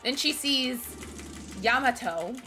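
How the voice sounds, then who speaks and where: Chatty bright-voiced woman streamer. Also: on the high side, animated, slow pace, faint music behind. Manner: chatty, giggly, loose, swears casually. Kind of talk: casual let's-play recap.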